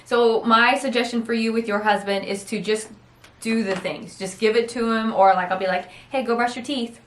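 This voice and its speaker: A woman's voice: fairly high pitch, fairly even intonation, a bit bright, slight background noise. Chatty middle-aged woman, echoey room. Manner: rambling, quick, chatty. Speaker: caregiver and host. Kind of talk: casual chat answering viewer questions.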